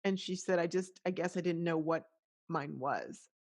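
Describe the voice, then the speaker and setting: A woman's voice: fairly low pitch, normal speed, darkish tone. A middle-aged woman hosting a podcast, talking in an earnest, emotional, motivational way with frequent restarts. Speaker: podcast host. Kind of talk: casual motivational monologue.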